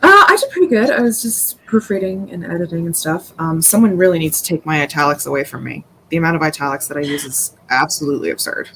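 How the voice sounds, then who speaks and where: A woman's voice: deep voice, lively intonation, fast, few pauses, sharp tone, slight background noise, low-quality recording. A woman hosting a live writing stream, chatty and self-mocking as she talks about her own habits. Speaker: stream host leading writing sprints. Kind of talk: casual chat on a live stream.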